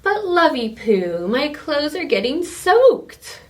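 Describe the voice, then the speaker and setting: A woman voicing a bossy wizard's wife in a storybook read-aloud, with a bright, emphatic sing-song delivery. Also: high-pitched, very animated, takes it slowly, distant mic, pitched above the performer's own voice, heavily acted. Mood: playful scolding.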